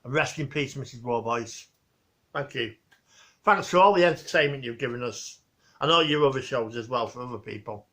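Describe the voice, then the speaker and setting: A man's voice: medium pitch, moderate pace, sharp tone. A man talking casually in a rambling vlog tribute, swearing mildly as he recounts things. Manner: rambling, mild swearing, restarts and fillers. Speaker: vlogger.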